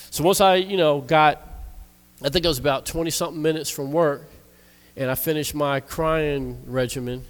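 A man, a church minister, preaching a sermon that tells a personal story in a lively way, voicing the quoted lines. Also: fairly high pitch. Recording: long reverb of a church hall.

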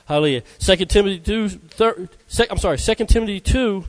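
He preaches briskly in a high voice, keeping the sermon conversational. Again and again he calls out "Amen?" to those listening.

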